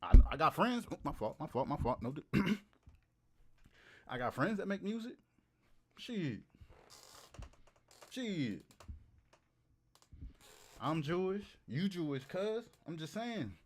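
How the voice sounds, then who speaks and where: A man livestreaming and riffing comically to his chat, animated and hyped, repeating lines for laughs. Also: on the high side, takes it slowly, long pauses. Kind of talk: casual comedic riffing to a live chat.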